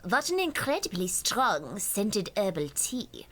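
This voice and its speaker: A woman's voice: mid-range voice, sing-song, takes it slowly, a bit bright, a little hiss or hum. A woman voicing a stern, haughty young female prosecutor with a put-on German accent, reading game dialogue aloud.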